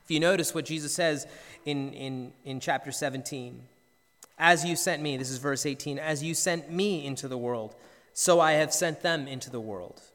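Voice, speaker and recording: A man's voice: on the high side, fairly bright tone. A man, a pastor preaching a sermon, telling a story earnestly and often repeating words as he goes. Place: church sanctuary. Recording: long church reverb.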